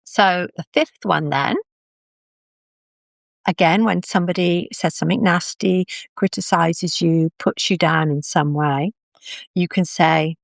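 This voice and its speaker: A woman giving a calm, practical talk on a live video, explaining things step by step. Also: fairly low pitch, a little slow, vocal fry, no room sound. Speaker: confidence speaker.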